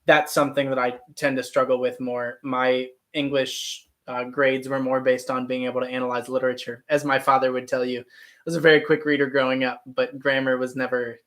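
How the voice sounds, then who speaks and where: Here a male actor streams live, casually chatting, answering viewers, and making jokes at his own expense. The voice is medium-pitched, a bit bright, and level, with a slightly fast pace.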